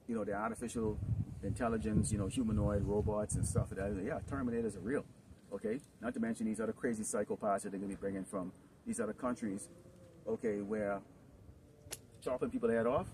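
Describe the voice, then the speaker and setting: A man preaching in a rambling, improvised sermon, filling his talk with "okay?" and "you know" and swinging into loud outbursts. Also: fairly low pitch, a little fast. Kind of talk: improvised street-camp sermon. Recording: distant mic with noisy background.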